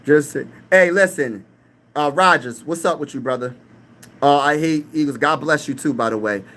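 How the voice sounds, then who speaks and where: Hyped and trash-talking, a young Pennsylvania man hosts casual sports talk on a live stream and reads the chat out loud. He speaks at a moderate pace in a fairly high, fairly bright voice.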